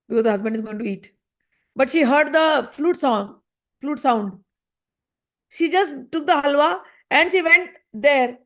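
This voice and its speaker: Woman, high voice, animated storytelling, scripture lesson. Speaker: scripture class teacher.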